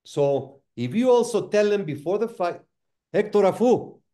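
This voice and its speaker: A man hosting a referee masterclass, moderating in a measured, unhurried way. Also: high-pitched, expressive, dark tone. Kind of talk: online seminar discussion.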